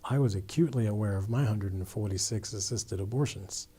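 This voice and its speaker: Man, guest in a testimony interview, husky and breathy tone, earnest storytelling. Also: on the low side, fairly quick, warm tone. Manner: earnest, with frequent restarts and "you know". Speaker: guest telling his conversion story.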